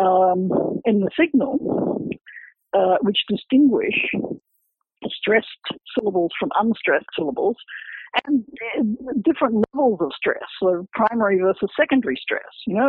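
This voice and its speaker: Husky high-voiced man on a tinny line. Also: dry recording. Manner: lecturing, walks through examples step by step. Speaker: researcher and author discussing his book. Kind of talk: explanatory academic interview talk. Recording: tinny phone-line audio.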